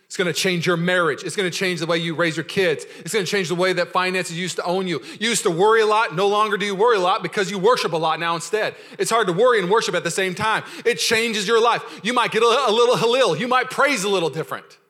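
A man preaching a sermon as pastor, energetic and playful, calling out to the congregation and acting out the voices in his stories. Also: high-pitched, fast. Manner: energetic, playful preaching with audience call-outs; acts out quoted voices in storytelling.

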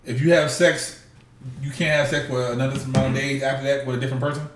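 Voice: mid-range voice, steady tone, fast, roomy sound, soft background music. A co-host on a casual podcast who teases the others bluntly and swears freely. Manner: teasing, blunt, profane.

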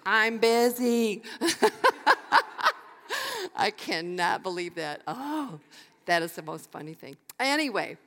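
An older woman pastor preaching a sermon, animated and emphatic, laughing easily and repeating key phrases. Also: medium pitch. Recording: long hall reverb.

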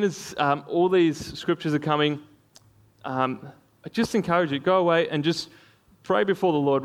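A man giving a sermon in a relaxed, chatty way. He speaks in a slightly higher register and often pauses on fillers while talking through scripture. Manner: conversational, with frequent fillers and laughs. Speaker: preacher.

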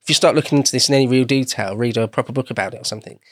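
A man's voice: mid-range voice, racing, no room sound, clean studio sound. An Englishman explaining history as a guest in a casual podcast conversation, meandering and often rephrasing himself.

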